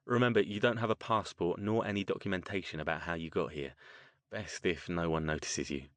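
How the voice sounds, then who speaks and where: A man's voice: deep voice, fairly even intonation, a bit bright, no room sound. A man playing a wry, composed occult mage. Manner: measured and wry.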